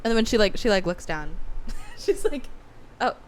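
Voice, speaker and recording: A woman's voice: mid-range voice, big pitch swings, normal speed, a little hiss or hum. A woman co-hosting a casual book podcast, giggly and swearing as she acts out quotes. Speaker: podcast co-host. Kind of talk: casual chat about a book.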